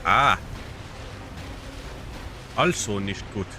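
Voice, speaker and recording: A man's voice: lowish voice, very slow. A man doing a blunt mock-German guy. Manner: clipped, blunt, loud exclamations. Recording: steady background noise.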